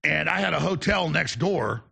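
Gravelly, husky-voiced male host. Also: a little high, animated, moderate pace, bright, forceful tone. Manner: rambling, digressive anecdotes. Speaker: show host. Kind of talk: casual on-air storytelling.

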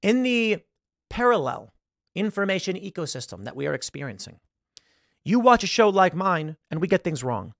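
A man's voice: on the high side, creaky, a bit bright, dry recording, studio quality. A man hosting a political commentary show, talking casually to his audience with rhetorical questions and stories. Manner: conversational, rhetorical, storytelling.

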